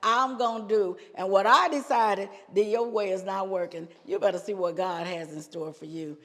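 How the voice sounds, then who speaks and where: Animated woman guest telling stories. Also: medium pitch, normal speed. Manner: animated storyteller, laughs often, says "y'all". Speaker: podcast guest. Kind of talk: personal storytelling. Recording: long hall reverb.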